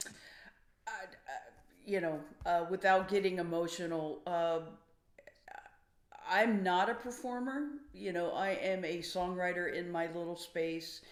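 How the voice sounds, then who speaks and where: A woman's voice: on the low side, unhurried. A woman, a songwriter, giving interview answers in a thoughtful, emotional way. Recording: echoey room.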